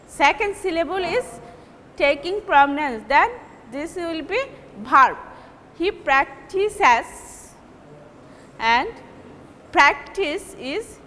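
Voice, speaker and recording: A woman teacher with a Bangladeshi accent giving a recorded English lecture, repeating and stressing example words deliberately. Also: very high-pitched, pushed and bright, in a large hall, slight background noise.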